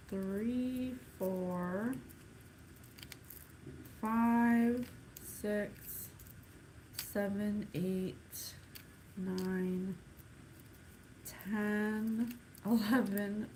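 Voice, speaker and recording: A woman giving a casual psychic reading, thinking aloud with sighs and halting pauses. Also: medium pitch, darkish tone, a little hiss or hum, poor audio. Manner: musing, sighing, thinking aloud; slow, halting, counts things off one by one. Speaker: psychic reader. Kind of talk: casual spirit reading to camera.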